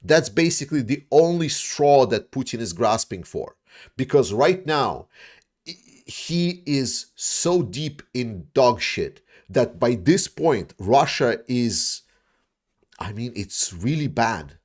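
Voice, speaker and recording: A man's voice: medium pitch, expressive, takes it slowly. Man, casual commentary, rambling, blunt, swears, lots of fillers. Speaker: YouTube war commentator. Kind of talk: casual commentary, answering viewer questions.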